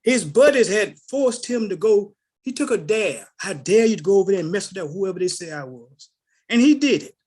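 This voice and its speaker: Husky, high-sitting and fairly quick, a middle-aged man's voice carries his personal stories on a group call. He is an animated storyteller, acting out the voices of the people in them, as a call participant giving casual spoken testimony.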